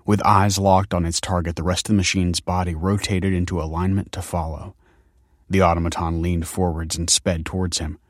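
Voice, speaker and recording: A man reading a story aloud in a measured, dramatic way. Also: sits low, flat delivery, dry recording, studio quality. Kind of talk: scripted story narration.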